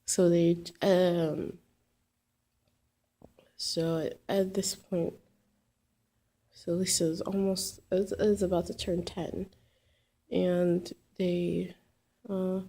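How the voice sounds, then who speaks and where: A woman's voice: lowish voice, flat delivery, extremely slow, pauses often, warm tone. A woman casually telling a personal story, rambling with many fillers and restarts.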